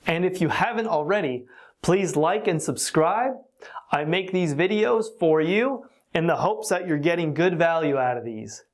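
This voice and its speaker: An English teacher giving an online lesson, explaining deliberately and laughing now and then. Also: medium pitch, lively intonation.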